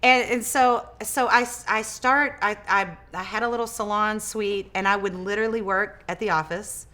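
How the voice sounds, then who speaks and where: Bright, animated woman telling a story. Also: medium pitch, normal speed. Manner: animated, acts out quoted dialogue; repeats and restarts words. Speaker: interview guest, business owner. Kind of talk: casual storytelling interview.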